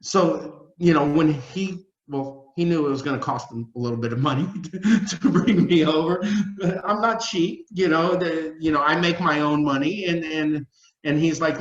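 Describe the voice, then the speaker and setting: Man, rambling and emotional, slightly high voice, echoey dull video-call sound. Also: moderate pace. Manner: rambling, repeats words, emotional. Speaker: company spokesman. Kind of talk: casual video-call talk.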